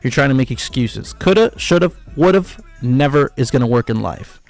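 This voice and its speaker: A man's voice: medium pitch, animated, moderate pace, vocal fry, soft background music. A man hosting a live trading stream, ranting emphatically and profanely, repeating himself for effect. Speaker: livestream trading host. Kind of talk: casual livestream rant.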